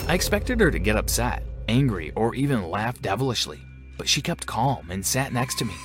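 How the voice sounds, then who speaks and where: A man's voice: medium pitch, very animated, moderate pace, fairly bright tone. Man narrating a story over faint music. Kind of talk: first-person story narration.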